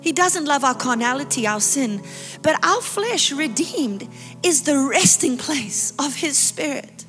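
High, bright-voiced woman preaching in a hall. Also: expressive, measured pace. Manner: passionate, builds to impassioned crescendos, drops to quiet asides. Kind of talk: sermon. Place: large church hall. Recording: reverberant hall with music behind.

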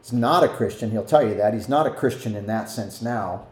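A man's voice: fairly low pitch, a little fast, darkish tone. A man teaching a conversational Bible study, often asking his listeners questions and acting out quotes. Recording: roomy echo.

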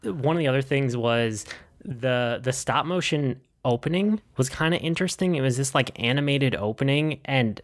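A man's voice: medium pitch, moderate pace. Chatty man reviewing an old film. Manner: chatty, relaxed, frequent fillers. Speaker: podcast co-host. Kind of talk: casual movie review chat.

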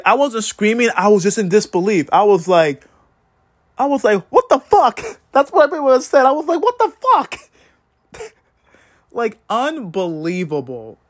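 High-pitched guy ranting about a football game, swears a lot, super excitable. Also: no room sound. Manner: excitable, swears freely, big swings in pitch. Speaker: sports fan vlogger. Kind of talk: casual game recap.

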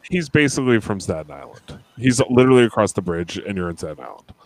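Low-voiced guy chiming in on a podcast, matter of fact. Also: sing-song, quick pace, a little hiss or hum, rough recording. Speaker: podcast co-host. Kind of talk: casual chat.

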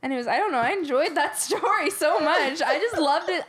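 A young woman in casual chat, bubbly and teasing, with loud laughs. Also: high voice, expressive, a little fast.

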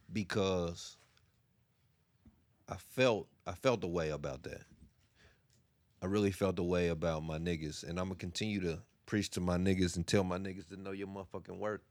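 A young man holds forth on his podcast from a home basement, candid and heavy with profanity. His voice sits fairly low and he sounds close and dry, with no room around him. He preaches in waves, sinking quiet and then rising into loud bursts. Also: steady tone, moderate pace, dry recording. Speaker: podcast host. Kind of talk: candid monologue.

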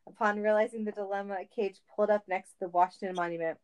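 A woman's voice: medium pitch, fairly even intonation, brisk, a little mellow, smooth, rough recording. A woman reading a comic story aloud in a playful manner. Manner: playful, laughing.

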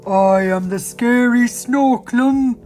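A woman voicing a boastful male monster who growls loud threats but is secretly nervous. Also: a little high, slow, faint music behind, pitched above the performer's own voice. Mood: blustering.

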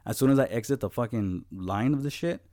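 A young man tells a story in casual chat, swearing constantly. He acts out the other people's lines as he goes, with a middle-pitched voice. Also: fairly quick, no echo, studio quality. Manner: profane, animated storytelling with acted-out quotes.

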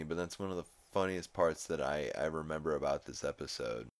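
With a deep voice at a moderate pace, this man hosts a podcast and gives a loose, rambling recap of a cartoon episode. He quotes characters and swears a lot along the way.

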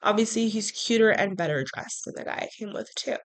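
A woman hosting a podcast, telling a personal story in a frank, animated way with sarcastic asides. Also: mid-range voice, a little fast. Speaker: podcast host. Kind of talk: casual storytelling monologue.

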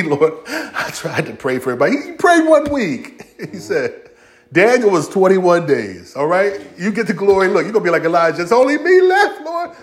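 A man preaching a sermon, playful and humorous, acting out voices of biblical figures in vernacular speech. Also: fairly high pitch. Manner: animated, humorous preaching with acted-out dialogue; Southern-inflected vernacular, y'all and ain't. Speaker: pastor.

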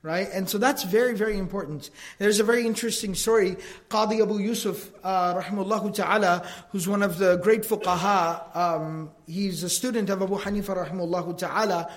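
A man with a notably high voice lectures a religious class in an easy, talky way. He keeps asking "right?" and slips into quick impressions of the people he quotes. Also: fairly even intonation. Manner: acts out quoted remarks. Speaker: religious teacher.

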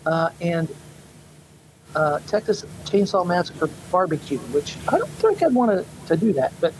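A man's voice: high-pitched, sing-song, a little slow, darkish tone, a little hiss or hum, low-quality recording. A man co-hosting a casual chat show, rambling and hesitant with many fillers. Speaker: podcast co-host.

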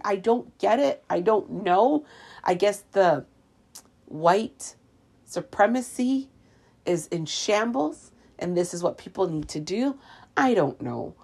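A woman from Canada talking straight to her phone in a loose, ranting chat. Her voice sits low with a gravelly edge, and she is sarcastic and wry as she goes along. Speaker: vlogger. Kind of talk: casual chat. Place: room with the windows open.

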